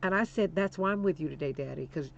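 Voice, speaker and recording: A woman's voice: low-pitched, quick pace, gravelly, highs cut off, slight background noise. A woman hosting a political talk show, speaking with emphatic, preacher-like repetition and calling listeners "honey". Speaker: radio talk show host.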